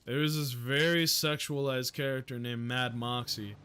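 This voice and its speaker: A young man from the United States giving casual, profane, jokey commentary while streaming a game, breaking into loud excited outbursts. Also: mid-range voice, normal speed, slight background noise. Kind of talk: casual gameplay livestream commentary.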